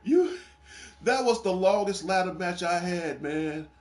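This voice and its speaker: A gaming show host tells wrestling game stories in a casual chat, laughing a lot and swearing freely. His voice is high-pitched and his delivery unhurried, though the storytelling is animated.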